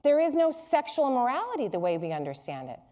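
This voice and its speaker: A middle-aged woman lecturing publicly to a live crowd tells stories with candor, humor, and animation, talking a little fast. Her voice sits slightly high.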